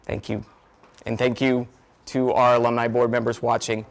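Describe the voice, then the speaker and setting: A man's voice: medium pitch, flat delivery, moderate pace. A man hosting a virtual fundraising event, effusive and full of thanks. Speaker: event host.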